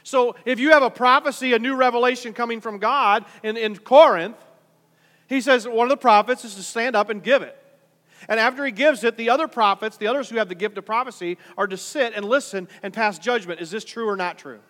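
A middle-aged man preaching a sermon as pastor, conversational, swinging from quiet asides to loud emphatic points. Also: very high-pitched, a little fast. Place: large church hall. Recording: reverberant hall.

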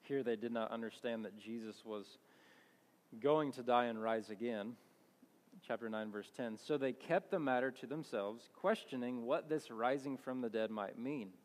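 A man's voice: medium pitch, normal speed. A man giving a conversational Bible teaching, reading passages aloud and explaining them, often correcting himself as he goes. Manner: conversational, restarts and self-corrections. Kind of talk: sermon with scripture reading. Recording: long hall reverb.

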